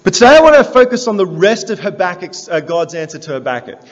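A man's voice: high-pitched, big pitch swings, fast. A man preaching a sermon to his congregation, asking them earnest questions and building in force as he goes. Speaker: pastor. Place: church hall. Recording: dull, roomy church sound.

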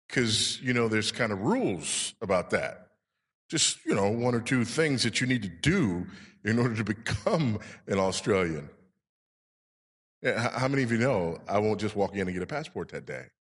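Husky male pastor preaching in a church, long hall reverb on the voice. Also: fairly low pitch, lively intonation, normal speed. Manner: emphatic preaching with rhetorical questions to the congregation. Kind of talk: sermon.

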